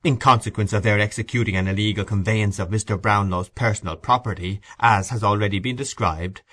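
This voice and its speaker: A man narrating a classic storybook in a measured, steady way. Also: lowish voice. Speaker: audiobook reader.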